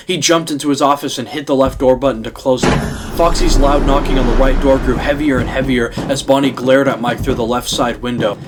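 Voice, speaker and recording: A man narrating a suspenseful story in a steady, mid-pitched storytelling voice. Music plays clearly underneath his reading. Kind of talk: scripted narration of a horror fan story.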